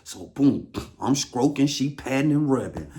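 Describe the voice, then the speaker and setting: A man's voice: mid-range voice, expressive, measured pace, warm tone. A man with an Atlanta Southern accent telling a first-hand story in a casual, slang-heavy way, repeating words for emphasis. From Atlanta, USA.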